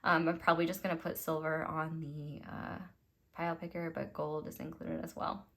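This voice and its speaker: A woman's voice: deep voice, level tone, normal speed, fairly bright tone. A young woman reading tarot for her viewers in a casual, rambling way, laughing often at her own jokes. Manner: giggly, rambling, self-deprecating. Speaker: tarot reader.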